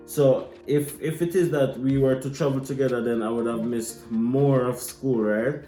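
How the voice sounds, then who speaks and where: A young man with a Jamaican accent tells a story in a relaxed, animated way and drops into patois now and then. His voice is mellow and dark, with medium pitch. He sounds like he is in a roomy, echoey space, with faint music behind him. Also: moderate pace. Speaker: vlogger. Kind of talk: casual storytelling. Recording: echoey room with light music.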